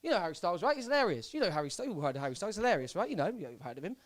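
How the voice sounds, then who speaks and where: A young man from Southampton doing a live stand-up set in a comedy club, deadpan and hesitant, full of fillers and repeats. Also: high-pitched, racing, no room sound. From Southampton, England.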